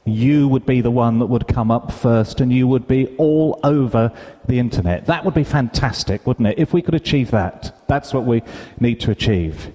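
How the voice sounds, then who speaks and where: A man from the UK giving a conference talk, an animated storyteller who acts out the dialogue in his anecdotes. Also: mid-range voice, normal speed. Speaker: conference speaker. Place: large conference hall. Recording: hall reverb, live stage sound.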